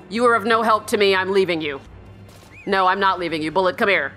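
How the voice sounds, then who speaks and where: A woman playing a horror game and commenting as she goes, jumpy, yelping when startled and muttering quietly when she is tense, often calling to her in-game dog. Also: mid-range voice, quick pace, faint music behind. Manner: jumpy, yelps and shrieks, then drops to a hushed mutter. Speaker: let's play streamer.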